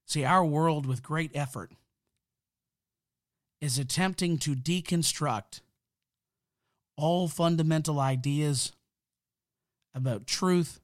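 A man's voice: a little high, slow, long pauses, no room sound. A man hosting a podcast, delivering a fired-up, emphatic, preacherly monologue into a close mic. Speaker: podcast host.

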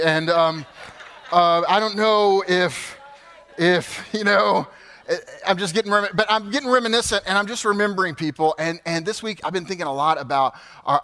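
A man in his fifties, a pastor preaching a sermon, animated and building to emphatic peaks. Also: on the high side. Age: 50s. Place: church sanctuary.

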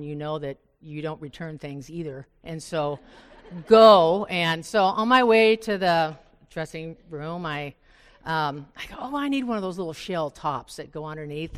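A woman's voice: medium pitch, smooth, in a large hall. An older woman from Oregon, a Bible study speaker, telling a funny story to a group of women and acting out her own asides. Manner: animated, self-mocking storyteller who acts out her own asides. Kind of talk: storytelling talk to a live group. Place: church meeting room.

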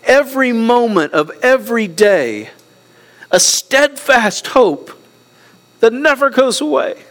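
A middle-aged man preaching a sermon as pastor, earnest and emotional, close to tears, swinging between soft passages and raised ones. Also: extremely high pitch, very animated, slow pace.

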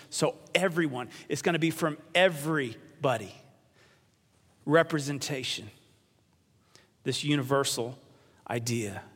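A male pastor preaching a sermon in a church. He leads the congregation in call and response and drops to a hush on key words. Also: mid-range voice. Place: church sanctuary. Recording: long reverb of a large church.

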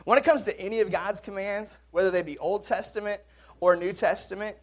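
A man's voice: sits high, fairly quick. A man preaching a conversational sermon in a church, with jokes and asides to the congregation. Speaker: pastor. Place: church sanctuary.

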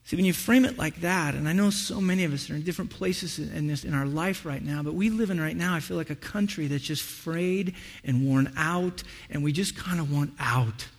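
A man preaching a sermon as pastor, telling stories in an animated way and acting out what people say. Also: a little high, brisk, few pauses, in a large hall. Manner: animated storytelling, acts out voices.

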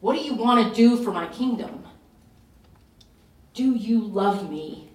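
A woman's voice: a little high, animated, slow pace, darkish tone. A woman pastor preaching a fervent, urgent sermon at a retreat, pressing her points with emphatic repetition. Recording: roomy echo, voice from a distance.

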